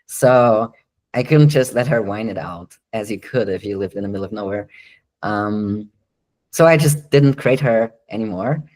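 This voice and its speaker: This dog trainer has a fairly low, somewhat dark voice and speaks at a normal speed over a rough recording. Fielding listener questions in a live online Q&A, he gives long, chatty explanations dotted with ums and soft laughs.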